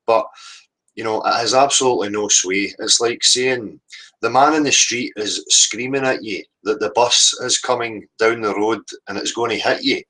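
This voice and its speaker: A man's voice: on the low side, moderate pace, bright, forceful tone, poor audio. A man hosting a livestream, combative and sweary, repeatedly asking "right?" as he rants. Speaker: livestream host. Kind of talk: heated livestream rant.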